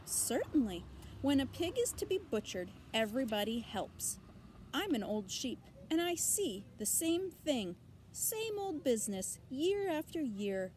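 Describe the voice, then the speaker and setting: A woman's voice: sits high, sing-song, unhurried, a little mellow, slight background noise, voice pushed up. Woman playing a blunt old ewe. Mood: matter-of-fact. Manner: blunt, matter-of-fact, tart. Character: blunt gossipy old female sheep.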